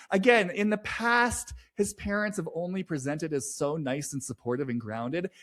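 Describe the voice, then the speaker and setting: A man giving a casual, emotive intuitive reading of a reality-show scene, swearing freely and voicing what others feel. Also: sits high. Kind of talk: casual commentary.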